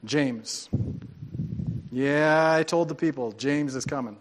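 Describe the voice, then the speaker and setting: A man preaching a sermon as a pastor, animated and joking, acting out quoted voices. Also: medium pitch, normal speed, big-room sound. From grew up on a farm.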